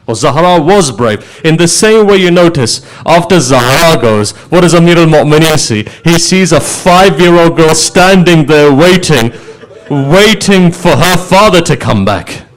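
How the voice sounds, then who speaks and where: A man preaching a sermon as a story, his delivery emotional and moving between animated passages and hushed, grieving ones. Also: fairly high pitch, a little slow.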